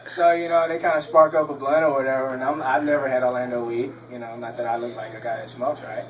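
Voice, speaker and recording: A man's voice: mid-range voice, level tone, fast talker, recorded from a distance, background noise. A young man from Texas doing a stand-up comedy set on a club stage, rambling with lots of ums and laughing at his own jokes.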